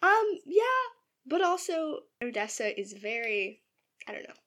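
A woman's voice: on the high side, sing-song, a little slow, a bit bright. Chatty giggly young woman. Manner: chatty, giggly, filler-heavy. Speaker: podcast co-host and writer. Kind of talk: casual chat about her novel.

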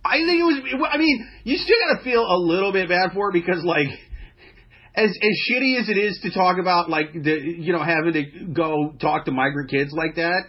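A man's voice: high voice, normal speed, husky. A man in casual podcast chat, rambling and profane, often acting out mocking voices. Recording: dull lo-fi sound.

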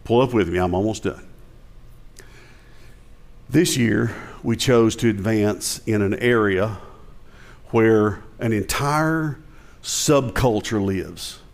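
A man's voice: lowish voice, slow, creaky, pauses often. A male pastor with a Southern American accent, preaching a conversational sermon with jokes and emphatic rising passages.

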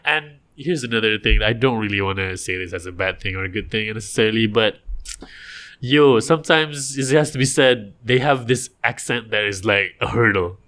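A man's voice: lowish voice, moderate pace. A man in casual conversation, telling a story with lots of laughter and acted-out quotes. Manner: animated storytelling, laughs often, acts out quotes. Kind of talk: casual chat.

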